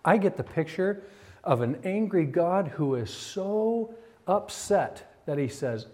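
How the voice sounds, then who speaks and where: A middle-aged man preaching a sermon as a pastor, swinging between raised, emphatic stretches and quiet, confiding asides. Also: high-pitched, lively intonation, slow.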